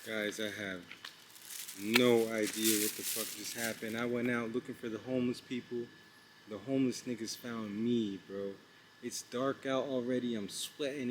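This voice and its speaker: A young man vlogging outdoors at night, telling a story in a casual, excited, slangy way, rambling with lots of "like" and "bro". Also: mid-range voice, normal speed, low-quality recording. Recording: outdoor street noise with passing traffic.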